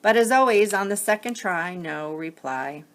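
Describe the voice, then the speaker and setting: A woman reading a picture book aloud to children as a teacher, gently pausing to explain the story. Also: mid-range voice, animated.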